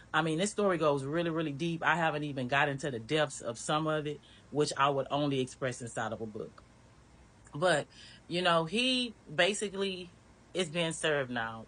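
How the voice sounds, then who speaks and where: A woman's voice: low-pitched, a bit bright. A woman candidly telling her own story in a casual, blunt way, with some swearing. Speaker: storyteller recounting her marriage.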